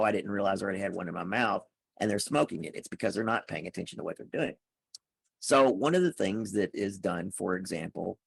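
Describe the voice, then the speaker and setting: Low gravelly guy explaining stuff on a podcast, kinda husky, dry close sound. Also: no room sound. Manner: explains step by step, often repeats words at the start of a phrase. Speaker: podcast guest. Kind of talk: conversational explaining.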